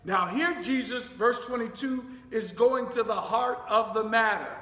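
Slow high-voiced preacher in an echoey hall. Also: male voice, bright, forceful tone. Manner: teaching verse by verse, many fillers, says "thank you, Lord". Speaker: pastor. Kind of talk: sermon. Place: church sanctuary.

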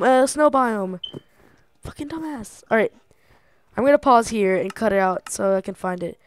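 A young woman with a slightly high voice narrates her gameplay in a loose, casual way. She talks to herself, gets excitable, swears freely and laughs often. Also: normal speed, smooth, dry recording. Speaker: gamer.

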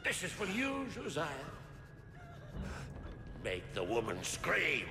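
An actor voicing a large, zealous preacher villain in a video game, with a gravelly, booming sermon delivery. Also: male voice, huge pitch swings, slow pace, music in the background, full character voice. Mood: menacing. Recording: echoey game audio with ambience.

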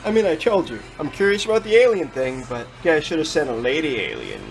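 A man's voice: a little high, big pitch swings, fast talker, gravelly, faint music behind, poor audio. A young man who is an artist, talking in a casual, slangy way with rhetorical questions. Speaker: artist and protester. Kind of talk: casual film dialogue.

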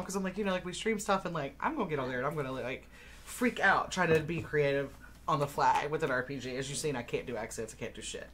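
Low-voiced bright rambling woman. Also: fast, slight background noise. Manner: rambling, many "like" fillers, laughs often. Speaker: co-host of a board game stream. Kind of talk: casual chat on a live stream.

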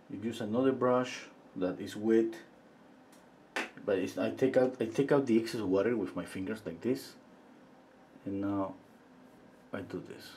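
A middle-aged man giving a live painting lesson, thinking aloud as he works, pausing often and chatting with viewers between steps. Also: mid-range voice, slight background noise. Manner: relaxed, thinking aloud while he paints, with frequent pauses and fillers. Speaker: painting instructor.

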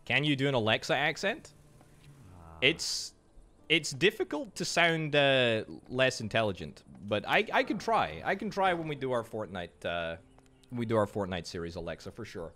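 A man's voice: mid-range voice, sing-song, pushed and bright. A man with a Scottish accent, streaming a game and joking back at viewer chat in a casual way. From Scotland. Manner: chatty, answering viewer chat with quick joking replies. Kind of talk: casual livestream chat while gaming.

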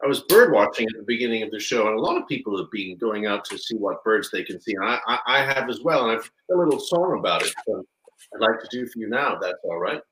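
Man, kids' music host, lively intonation, roomy echo, chatty. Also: fairly low pitch, a little hiss or hum. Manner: chatty, lively, slightly halting. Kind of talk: children's livestream hosting. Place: home. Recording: echoey home room.

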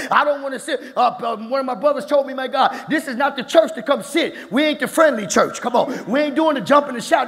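A man with a very high, gravelly voice preaches a fervent sermon as pastor. His tone is husky and raspy, and he keeps returning to "my God" as he builds toward shouting. The sound carries a long, echoing reverb from a church hall. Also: quick pace, hardly any pauses. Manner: fervent, repetitive, peppered with "my God", rises to shouting. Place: church sanctuary.

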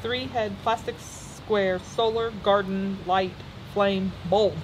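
A woman's voice: mid-range voice, fairly even intonation, slow, poor audio. A woman co-hosting a casual unboxing, making dry, laughing asides. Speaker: co-host and reseller. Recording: background noise.

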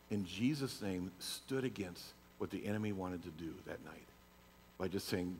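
Pastor preaching in a reverberant hall. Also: male voice, deep voice, normal speed, darkish tone, slight background noise. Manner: storytelling, rising to emphatic preaching. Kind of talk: sermon. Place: church sanctuary.

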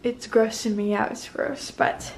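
A woman's voice: fairly high pitch, flat delivery, unhurried. A young woman in her apartment giving a chatty, rambling tour on her phone camera, a little out of breath. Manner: chatty and bubbly, rambling asides. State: slightly out of breath. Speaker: vlogger. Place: small apartment indoors.

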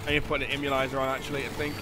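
A man giving casual gameplay commentary, excitable, often laughing and shouting at near misses. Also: medium pitch, racing. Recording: game music playing loudly underneath.

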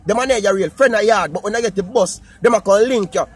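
A man with a Jamaican accent talking casually to his viewers in patois, animated and repetitive. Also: high voice, fast, breathy edge. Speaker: vlogger. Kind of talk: casual talk to camera.

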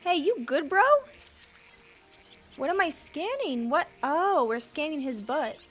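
High-voiced bubbly woman gaming commentator. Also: lively intonation, slow, fairly bright tone, faint music behind. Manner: bubbly, squeals and gasps at cute moments, jokey asides. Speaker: gaming video creator. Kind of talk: playful let's-play commentary.

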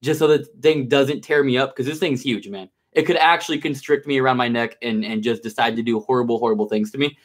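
Speaking quickly in a mid-range voice with barely a pause, a man chats casually with viewers on a live stream. He's laid-back and slangy, calling everyone bro and dude, but gets nervous and coaxing while handling a big snake.

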